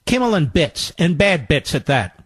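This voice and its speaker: A man's voice: very animated, normal speed, husky, dry recording. Talk radio guy ranting, sarcastic and mocking, voice jumps all over the place, dry studio sound. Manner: swings his pitch widely for emphasis. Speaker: radio talk show host. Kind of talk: political talk radio monologue.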